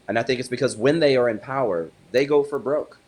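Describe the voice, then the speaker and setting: A man's voice: mid-range voice, fairly quick. A man, an attorney, giving a political interview in an emphatic, argumentative way. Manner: emphatic, builds to forceful punchlines.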